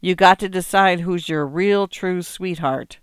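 A man voicing a scrappy, wheedling skinny country boy in a story reading, pleading in a drawn-out way. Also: high voice, clear, resonant tone, dry recording, clean studio sound.

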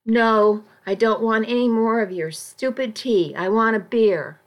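A woman's voice: on the high side, measured pace, natural voice. A bitter, defiant woman who drinks too much, as a woman reader plays her in a storybook reading. She talks with a raised, wounded edge, pushing back at everyone. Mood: defiant, furious. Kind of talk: audiobook reading.

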